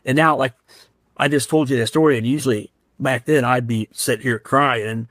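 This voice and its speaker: A man from Central Ohio talks as a podcast guest, earnest and heartfelt. His voice sits at an ordinary middle pitch. The sound is dry and close, with no room around it. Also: steady tone, normal speed, fairly bright tone, dry recording. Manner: earnest and heartfelt, emotional while recounting. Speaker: firefighter and paramedic, podcast guest. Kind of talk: candid interview storytelling.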